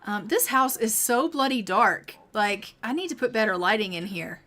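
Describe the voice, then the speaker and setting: A woman's voice: medium pitch, lively intonation, moderate pace, sharp tone. A woman streamer casually commenting on her game as she plays, chatting with her viewers and voicing the characters now and then. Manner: chatty, reads out game text and voices the characters. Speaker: gaming streamer.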